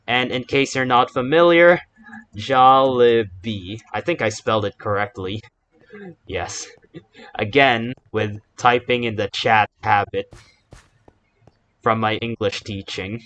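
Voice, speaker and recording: In a muffled recording with slight background noise, a gaming YouTuber speaks in a fairly low-pitched, somewhat bright voice. He gives loose, rambling Let's Play commentary while playing, frequently correcting himself and wandering off on asides.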